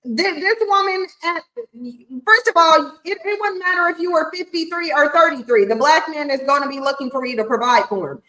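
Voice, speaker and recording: High-voiced woman giving blunt commentary. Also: brisk, bright, forceful tone, low-quality recording. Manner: blunt, mocking, laughs often. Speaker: streaming commentator. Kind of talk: opinionated livestream commentary.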